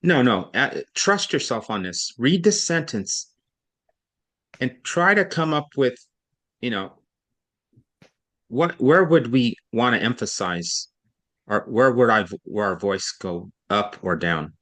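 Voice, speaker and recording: A man's voice: medium pitch, lively intonation, takes it slowly, long pauses, fairly bright tone. A male reading tutor speaks in a mid-range voice over a computer microphone during a one-on-one online lesson. He explains patiently and step by step, thinking aloud and correcting himself as he goes.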